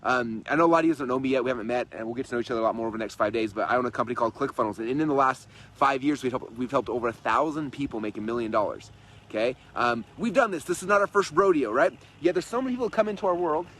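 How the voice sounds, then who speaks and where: A man in his thirties talks at a rapid clip, pressing his point over and over with persuasive energy. His voice has a husky, slightly rough grain. He speaks as a coach rallying a group on a livestream. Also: mid-range voice, fairly bright tone. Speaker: host and coach. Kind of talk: motivational livestream talk. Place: in-laws' home.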